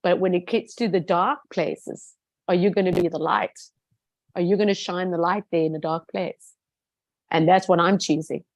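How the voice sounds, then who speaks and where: A woman's voice: lowish voice, fairly even intonation, moderate pace, no echo. Earnest woman guest, dry close sound. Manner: earnest and emphatic, repeats words for stress. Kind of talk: heartfelt personal testimony in a conversation.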